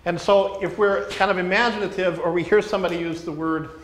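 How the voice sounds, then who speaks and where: A man teaching a small group how to read scripture closely, speaking deliberately and repeating key words for emphasis while asking the room questions. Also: sits high, steady tone, fairly bright tone. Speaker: teacher leading a workshop for pastors. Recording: echoey room with faint ambience.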